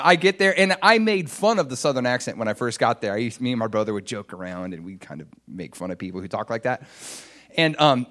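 A man's voice: mid-range voice, fairly bright tone. Male preacher, light Midwest accent, chatty and self-deprecating sermon delivery. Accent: slight Upper Midwest. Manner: conversational and self-deprecating, with laughs and restarts. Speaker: pastor.

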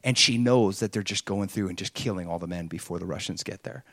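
A man's voice: low-pitched, brisk, a bit bright, dry recording. A man preaching an earnest, conversational sermon, retelling a story and acting out the quotes.

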